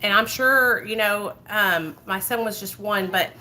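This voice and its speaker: A woman's voice: medium pitch, measured pace, sharp tone, slight background noise, poor audio. A woman in her thirties talking to her viewers as a vlogger, emotional and rambling, with many fillers and asides. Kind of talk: emotional casual talk to viewers.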